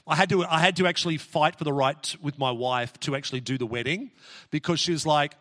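A middle-aged man preaching a sermon from the front of a church, praying and telling family stories in an animated, exclamatory way with many restarts. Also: a little high, fairly quick. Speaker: pastor. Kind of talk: sermon with prayer and personal stories. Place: church hall. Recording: long hall reverb in church.

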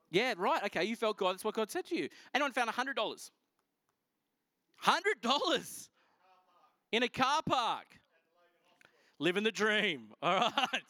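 Australian male pastor, high voice, playful and animated, dry recording. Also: no echo. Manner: animated, joking, quizzes the congregation. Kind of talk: sermon.

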